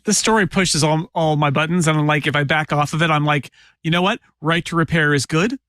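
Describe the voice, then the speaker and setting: Wry, opinionated man, fairly high voice. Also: a little fast, fairly bright tone, no room sound. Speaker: podcast panelist. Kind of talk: casual panel chat.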